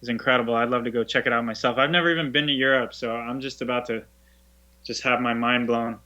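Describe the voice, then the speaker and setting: Laid-back guy guest, bright tense tone, kinda muffled lo-fi sound. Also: medium pitch, steady tone, quick pace. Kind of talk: casual chat. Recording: dull lo-fi sound.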